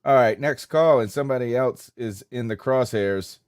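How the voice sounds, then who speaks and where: A man hosting a sports podcast call-in show, talking in a frustrated, rambling way and trailing off quietly at times. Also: mid-range voice, moderate pace. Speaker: podcast host taking calls. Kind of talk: casual postgame call-in talk.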